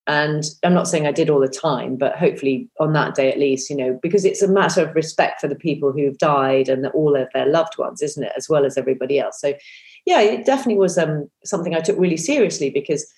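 A woman in her fifties talks as a guest in a relaxed interview, her voice sitting a little low. She rambles warmly through fillers and restarts and laughs at herself. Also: quick pace. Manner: chatty, self-deprecating, many fillers and restarts. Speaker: podcast guest, former breakfast TV presenter. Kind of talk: casual interview chat.

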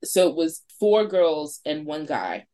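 A woman in her forties from New York, a podcast guest telling a spooky story in a lively way, swearing freely and acting out her friends' lines. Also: deep voice, takes it slowly. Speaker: podcast guest, wine shop owner.

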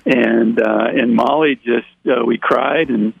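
Gravelly man telling his story by phone. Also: mid-range voice, slow pace, no echo. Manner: animated, acts out quoted dialogue. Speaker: interview guest. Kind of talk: personal testimony storytelling. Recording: tinny dry phone line.

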